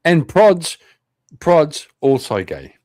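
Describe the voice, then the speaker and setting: A man with an Irish accent hosting an online interview show, chatting casually, animated and swearing freely. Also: fairly high pitch, takes it slowly, no echo, studio quality. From Ireland. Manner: animated, swears a lot, laughs often. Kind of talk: casual livestream chat.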